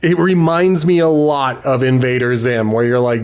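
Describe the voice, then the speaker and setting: A man's voice: medium pitch, normal speed, hardly any pauses, smooth. A middle-aged man chatting casually while streaming a game, laughing often and correcting himself as he goes. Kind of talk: casual gameplay commentary.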